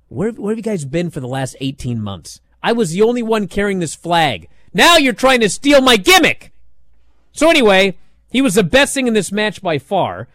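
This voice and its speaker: A man hosting a wrestling recap show, talking in a sarcastic, animated way and acting out what others said. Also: high-pitched, no echo, studio quality. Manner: sarcastic, animated, acts out quotes. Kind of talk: casual recap commentary.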